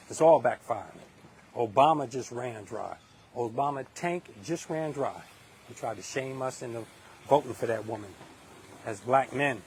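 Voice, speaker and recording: Middle-aged New man, livestream host, emphatic and preachy, mid-pitched voice, faint noise behind. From Hempstead, Long Island, New York. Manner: emphatic, preachy, restarts a lot. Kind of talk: live political monologue.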